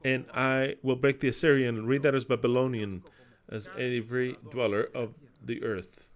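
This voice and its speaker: A man preaching a sermon, declaiming scripture loudly and dropping into quiet asides. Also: mid-range voice, little pitch movement, moderate pace. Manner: emphatic, swings between loud declaiming and quiet asides.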